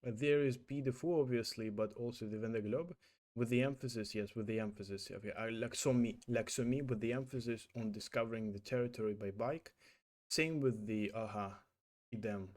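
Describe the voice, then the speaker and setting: Halting man translating French aloud. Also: mid-range voice, darkish tone. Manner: halting, hesitant, many fillers and self-corrections. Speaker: language learner vlogger.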